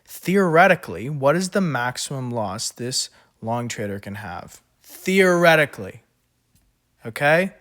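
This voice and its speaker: A man of middle pitch tutors finance while working a problem on his tablet. He talks casually and thinks aloud, restarting and chuckling at his own slips. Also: animated, unhurried, a bit bright. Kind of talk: worked-example lesson. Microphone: recording at an iPad.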